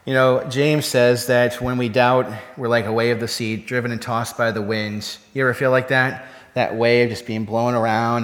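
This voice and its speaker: A male pastor delivers a sermon in an easy, talky manner, and he keeps turning to his listeners with questions. His voice sits at an ordinary middle pitch. The sound carries a long reverb, as if it were recorded in a big hall. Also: level tone, normal speed, a bit bright. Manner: conversational, asks the congregation rhetorical questions.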